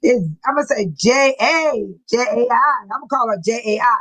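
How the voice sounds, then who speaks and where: A woman's voice: a little high, brisk, a bit bright, dry recording, low-quality recording. An older woman from the Chicago area hosting a casual livestream, chatty and laughing often as she reads viewer comments aloud. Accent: Chicago-area American English. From United States. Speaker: livestream host.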